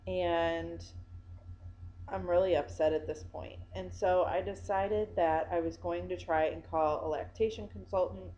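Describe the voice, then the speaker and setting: A woman's voice: fairly low pitch, fairly even intonation, measured pace, dark tone, dull audio, slight background noise. Tired, rambling woman vlogger. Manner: rambling, self-interrupting, with many fillers. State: yawning, tired. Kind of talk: casual personal vlog.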